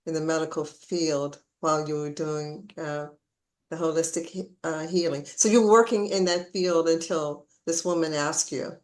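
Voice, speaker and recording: A woman hosting an interview, asking quick questions and encouraging her guest. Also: low voice, fairly even intonation, darkish tone. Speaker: host.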